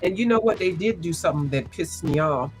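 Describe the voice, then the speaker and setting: A woman's voice: on the low side, animated, a little fast, darkish tone, soft background music. Chatty woman, congested voice. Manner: chatty, rambling, lots of asides and restarts. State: congested, throat-clearing and yawning. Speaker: coloring livestream host. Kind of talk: casual chat.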